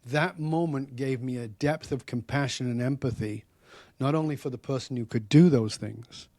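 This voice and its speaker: A man speaking as a podcast guest and author, telling stories in an animated, emphatic way that often gets loud. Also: mid-range voice, moderate pace, no room sound. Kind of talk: storytelling interview talk.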